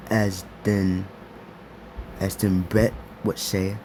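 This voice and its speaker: Slow, halting male storyteller. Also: on the low side, fairly even intonation, warm tone, slight background noise. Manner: halting, full of repeats and restarts. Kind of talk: improvised fan story narration.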